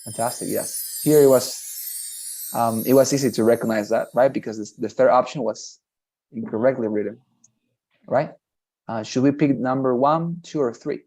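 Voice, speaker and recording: A man's voice: mid-range voice, warm tone, soft background music. Male English tutor, encouraging, patient explainer, mid-range voice. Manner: encouraging, repeats praise, explains slowly. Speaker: English teacher. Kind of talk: one-on-one online lesson.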